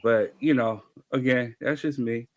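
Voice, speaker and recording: A man's voice: mid-range voice, fairly even intonation, a little slow, no echo. A man hosting a casual podcast chat, joking around and reading out viewer comments. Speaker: podcast host.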